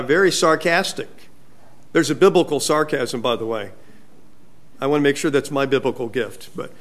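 A male pastor preaching a sermon, asking his congregation rhetorical questions. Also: fairly high pitch.

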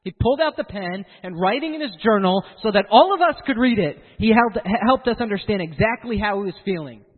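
A man preaching a sermon in an animated way, acting out the voices of the people he quotes. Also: sits high, brisk, hardly any pauses, breathy edge, in a large hall, phone-quality sound.

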